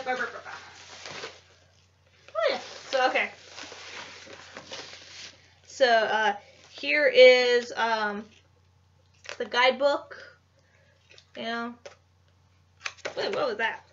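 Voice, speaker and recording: A woman's voice: a little high, extremely slow, pauses often, noisy background. A young woman vlogger chatting casually about her convention haul, chatty and gushing, with lots of fillers. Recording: dull lo-fi home recording.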